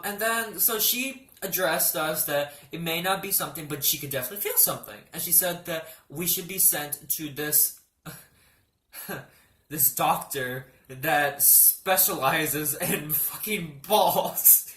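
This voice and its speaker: A man telling a personal story in a casual, animated way, swearing often and breaking into laughing outbursts. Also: on the high side, measured pace. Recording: roomy echo.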